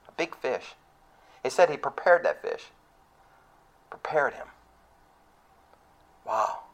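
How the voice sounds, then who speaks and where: A man preaching a sermon in a conversational, emphatic way, full of rhetorical questions and mocking asides. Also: mid-range voice.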